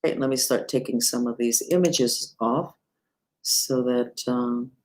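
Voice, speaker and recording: A woman who teaches mantras and meditation, giving an unhurried live-streamed lesson and talking straight to her viewers. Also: a bass voice, darkish tone. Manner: unhurried, talks to viewers and reads the chat aloud.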